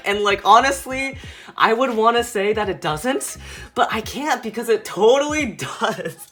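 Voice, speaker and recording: Young male reviewer, high bright voice, rambling and giggly. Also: animated, a little slow, faint music behind. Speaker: anime reviewer. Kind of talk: casual review chat.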